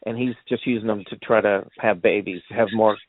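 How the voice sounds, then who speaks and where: On a thin, phone-quality line with a dry sound, a man with a lowish voice and fairly even intonation talks a little fast. He's co-hosting a casual film review chat, spinning rambling anecdotes, acting out lines, and laughing frequently.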